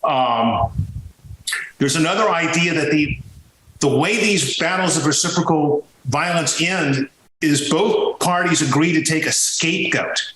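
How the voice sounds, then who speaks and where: A man being interviewed on a podcast, telling stories in a lively conversational way and jumping high in pitch when he makes a point. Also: unhurried. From Sicilian heritage. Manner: animated storytelling, swings into high pitch when emphatic. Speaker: podcast guest, music historian. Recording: roomy echo.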